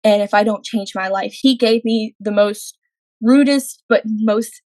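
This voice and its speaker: A woman's voice: medium pitch, fairly even intonation, unhurried, a little mellow, no echo, poor audio. A young adult woman, a podcast guest, telling a personal faith testimony in an earnest way, acting out her own quoted words.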